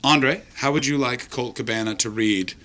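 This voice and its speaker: A man's voice: mid-range voice, normal speed, sharp tone. A man hosting a live comedy podcast, joking crudely and teasing the audience. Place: live show venue with an audience.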